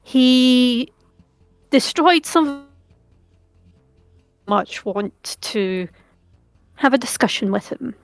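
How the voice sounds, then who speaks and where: A woman playing her character in a tabletop game, brisk and polite. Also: high voice, lively intonation, smooth, faint music behind. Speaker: player.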